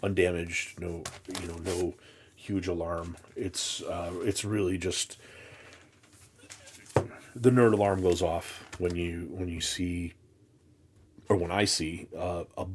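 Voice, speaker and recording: With background noise present, a low-voiced man speaking with fairly even intonation unpacks comics for his vlog. He rambles, falters, and restarts sentences repeatedly, exasperated and teasing himself.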